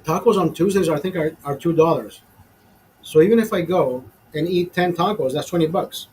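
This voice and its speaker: A man's voice: on the high side, normal speed, darkish tone, slight background noise, poor audio. A man of fifty, a show host, telling a rambling story in casual chat, swearing a lot and sounding exasperated. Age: 50s. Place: small studio.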